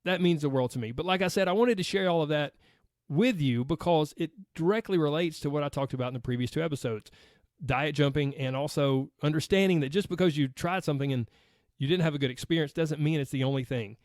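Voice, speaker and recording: A man's voice: on the high side, fast talker, a little mellow, no room sound, studio quality. A man with a Southern US accent hosting a weight loss podcast, chatting casually and reading listener posts aloud with a friendly laugh.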